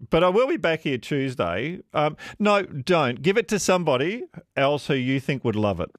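Talkback host: male, chatty and quick to laugh, lively pitch, dry studio. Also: dry recording. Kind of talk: warm casual on-air chat with callers. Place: radio studio.

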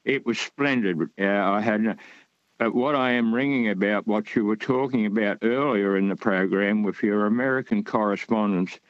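Man from Australia, radio caller, low voice, rambling with ums and uhs, dull phone line, dry sound. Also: normal speed, no echo. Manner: rambling and hesitant, many fillers. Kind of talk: radio call-in chat.

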